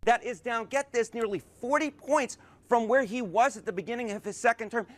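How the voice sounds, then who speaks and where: A man giving a broadcast news data analysis, brisk and heavy on numbers, with playful asides to his co-anchor. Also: very high voice.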